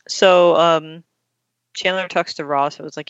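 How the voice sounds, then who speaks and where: A woman's voice: low voice, fairly even intonation, moderate pace, no room sound. A woman in casual chat, retelling a story and acting out the quotes. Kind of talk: casual chat, recapping a TV episode. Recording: dull, slightly lo-fi dry recording.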